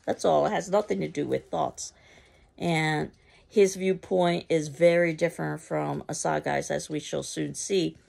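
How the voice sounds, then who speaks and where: Woman lecturer, low register, very gravelly voice, measured explanatory delivery. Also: fairly even intonation, darkish tone. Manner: measured, explanatory, with occasional ums and restarts. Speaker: literature teacher. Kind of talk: recorded literature lecture.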